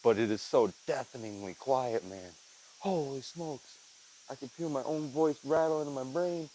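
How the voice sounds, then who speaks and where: A man's voice: mid-range voice, a little slow, dark tone, slight background noise, rough recording. A tired man hosting a casual podcast on his own, rambling loosely and swearing, with "man" and "dude" dropped all through. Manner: rambling, laid-back, swears, says "man" and "dude" often. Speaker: podcast host. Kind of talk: casual solo chat. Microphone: headset mic.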